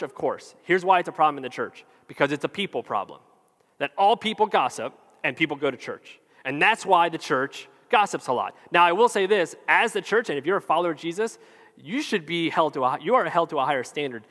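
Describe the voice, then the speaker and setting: Pastor with a higher voice in a reverberant hall. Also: male voice, lively intonation, fast, bright, forceful tone. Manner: conversational, jokey, acts out quoted voices. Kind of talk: sermon. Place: church hall with long reverb.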